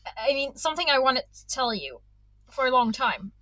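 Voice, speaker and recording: A woman reading aloud voices a shy young male dragon who talks in a hesitant, halting way. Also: high-pitched, very animated, bright, forceful tone, no room sound, lo-fi sound, heavily acted. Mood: nervous.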